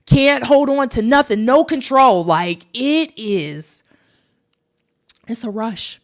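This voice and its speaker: A woman's voice: a little high, slow. A young woman vlogging, telling a travel story casually and animatedly to her viewers. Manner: animated, addresses viewers as y'all.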